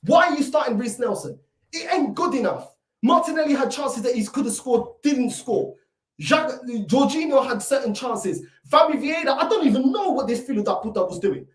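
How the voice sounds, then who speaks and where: Recorded from a distance in an echoey room, a woman with a high voice, wide pitch swings and a moderate pace rants furiously and repetitively as a football fan reacting to a match.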